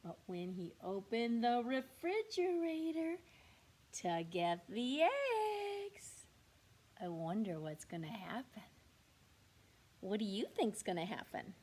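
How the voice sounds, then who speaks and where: A woman teacher reading a picture book aloud to young children, slow and expressive, with whispered asides to the class. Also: on the high side, slightly rough. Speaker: kindergarten teacher.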